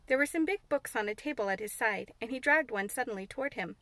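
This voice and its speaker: A woman reading a classic children's novel aloud in steady, clear narration. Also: a little high, fast, few pauses, no room sound. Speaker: audiobook reader. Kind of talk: scripted narration.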